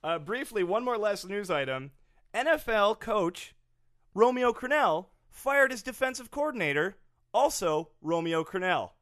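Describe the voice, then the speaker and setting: A man's voice: high-pitched, expressive, unhurried, fairly bright tone, dry recording, clean studio sound. A man hosting a comedy sports podcast, leading the chat and laughing often. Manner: laughing, leads the conversation. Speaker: podcast host. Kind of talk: comedic banter.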